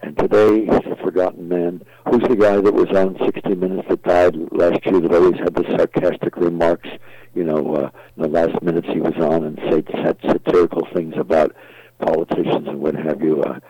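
A man's voice: deep voice, level tone, a little fast, mellow, breathy edge, no room sound. An older man, a guest entertainer, telling rambling stories in an interview with many fillers and restarts, in a dull, dry, lo-fi recording. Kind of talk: interview storytelling.

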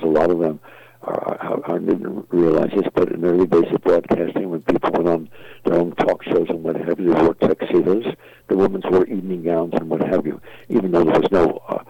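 Older man, very low gravelly voice, husky, rambling storyteller, dull lo-fi sound. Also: dark tone, dry recording. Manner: rambling, many fillers and restarts. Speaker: guest entertainer. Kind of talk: interview storytelling. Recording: dull, dry lo-fi audio.

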